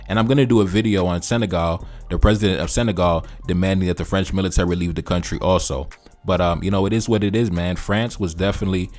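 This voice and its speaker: Deep-voiced blunt male commentator. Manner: blunt, laid-back, swears freely. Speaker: commentator and channel host. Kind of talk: casual reaction commentary.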